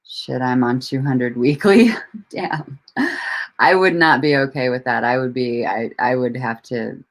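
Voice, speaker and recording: This livestream host, chatting casually from home, has a rumbling low, unhurried voice. She laughs frequently, swears liberally, and wanders through restarts as she says hello to viewers and answers them.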